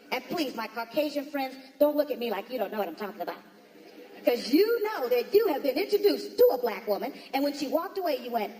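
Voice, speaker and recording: A woman's voice: high voice, a little mellow. A woman performing a stand-up comedy routine on a theater stage, telling stories with punchy asides to the audience. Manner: punchy, storytelling delivery with quick asides to the audience. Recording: echoey hall recording with crowd. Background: audience laughter.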